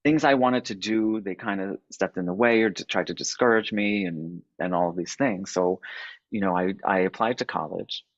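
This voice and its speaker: A low-pitched man recounts his story in a halting, searching way, often repeating words before he finds them. The sound is dry and a little dull, like a modest mic with no room around it. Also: no room sound. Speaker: podcast guest. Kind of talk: personal storytelling.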